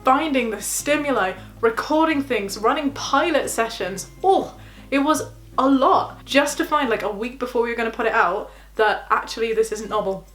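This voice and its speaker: A young woman chatting casually about her PhD life, laughing often and acting out quotes in high voices. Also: moderate pace, fairly bright tone, soft background music. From England. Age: young adult. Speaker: PhD student vlogger. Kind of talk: casual reaction vlog.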